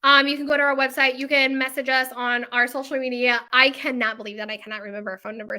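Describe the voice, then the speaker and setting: Bakery owner, woman, high and bright, casual and flustered promo chat. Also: flat delivery, fast talker, few pauses. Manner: chatty, self-mocking, flustered.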